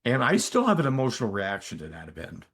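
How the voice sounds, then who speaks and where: An older man, a physician and energy healer, telling a story as a podcast guest in an animated, emphatic way with asides to the listener. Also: medium pitch, fast talker, breathy edge. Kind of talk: conversational storytelling in an interview.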